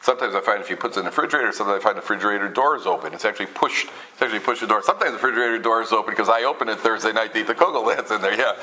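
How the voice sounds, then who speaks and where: A man telling humorous stories in a sermon, animated and full of restarts, peppering his talk with Hebrew and Yiddish terms. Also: fairly low pitch, rapid-fire, hardly any pauses, low-quality recording. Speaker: rabbi giving a talk. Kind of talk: storytelling sermon.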